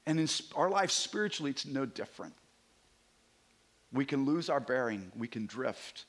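A man preaching a sermon as a visiting pastor, animated and conversational, sometimes dropping to a hushed near-whisper for emphasis. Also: medium pitch, moderate pace. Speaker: guest preacher.

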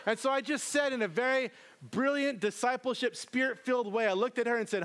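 A man's voice: very high voice, fairly quick, fairly bright tone. A man in his thirties preaching a sermon as pastor, telling humorous family stories with acted-out quotes.

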